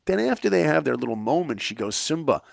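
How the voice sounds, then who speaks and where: A middle-aged man telling a story with lots of energy, his voice gravelly with fry. He acts out the lines he quotes, jumping up high and dropping low. The sound is dry and close, with no room around it. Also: quick pace, no room sound. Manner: energetic, acts out quoted lines with big swings in pitch and volume. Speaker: podcast guest, filmmaker and speaker. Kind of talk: animated storytelling in conversation.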